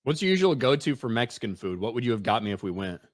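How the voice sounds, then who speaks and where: Brash, animated man ranting. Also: medium pitch, quick pace, no echo, clean studio sound. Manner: brash, profane, mocking rant. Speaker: podcast host. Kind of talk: casual chat.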